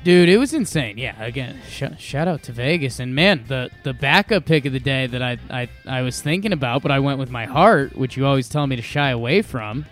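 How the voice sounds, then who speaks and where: A man's voice: mid-range voice, lively intonation, a little fast, hardly any pauses, a bit bright, faint music behind. A man co-hosting a podcast, chatting casually about sports bets in a rambling, joking way with many restarts. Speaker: podcast co-host making betting picks.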